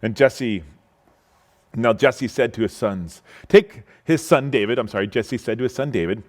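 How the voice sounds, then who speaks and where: A male pastor preaching a sermon, retelling a Bible story with animated storytelling and by acting out its characters. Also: medium pitch, unhurried.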